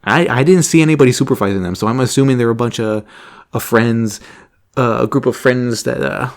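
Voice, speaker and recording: A young man casually telling a story about a job, animated, laughing often and swearing freely. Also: mid-range voice, brisk. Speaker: vlogger.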